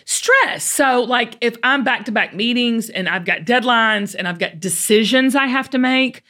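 A middle-aged Southern woman with a Southern American accent, hosting a talk show in chatty, animated storytelling. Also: fairly high pitch, measured pace. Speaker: host. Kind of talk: casual chat.

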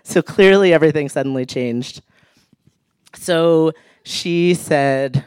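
A man's voice: fairly high pitch, moderate pace, clean tone, dry recording, studio quality. A man telling a humorous personal story on stage, laughing often and acting out the people he quotes. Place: live stage show.

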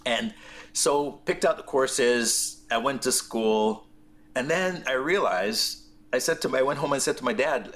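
A man from Jamaica, a guest in an interview, telling his story in a reflective, plainspoken way with frequent pauses. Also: mid-range voice, animated, a bit bright.

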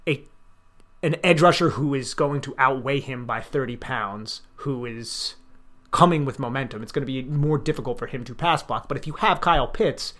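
A man's voice: medium pitch, moderate pace, a bit bright. Man in conversational podcast analysis. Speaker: podcast co-host. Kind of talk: casual sports chat.

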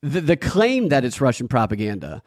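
A man's voice: medium pitch, big pitch swings, moderate pace, a little mellow, no room sound, clean studio sound. A man hosting a casual podcast, wry and rambling as he reads out viewer comments. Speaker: podcast host.

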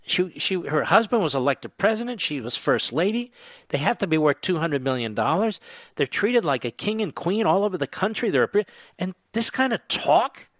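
With a high-pitched, sing-song voice at normal speed, a male talk radio host reads quotes aloud and responds with sarcasm and indignation, escalating to angry shouts. The political commentary show is recorded with no room sound.

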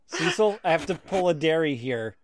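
A man's voice: a little high, expressive, moderate pace, a little hiss or hum. A man on a podcast, laid-back, retelling a scene with slang. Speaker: podcast co-host. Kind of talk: casual chat.

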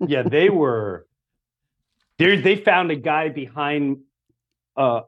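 Man, middle-aged, comedian guest, lively storytelling, acts out voices, casual swearing. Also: a little high, takes it slowly, lo-fi sound.

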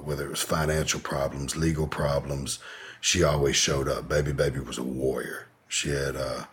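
Very deep, raspy-voiced man telling a story. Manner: candid, rambling, profane, with many fillers. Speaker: guest. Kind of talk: candid storytelling in conversation.

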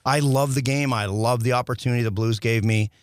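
Rambling former hockey player telling stories. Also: male voice, mid-range voice, steady tone, brisk, no echo, clean studio sound. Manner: rambling with many restarts, acts out quoted dialogue. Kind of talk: casual storytelling chat.

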